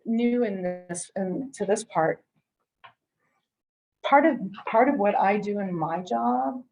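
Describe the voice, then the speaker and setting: A middle-aged woman with a medium-pitched, darkish voice runs a conversational real estate training, heard in low-quality audio. Chatty and prone to repeats and restarts, she acts out the words of quoted callers.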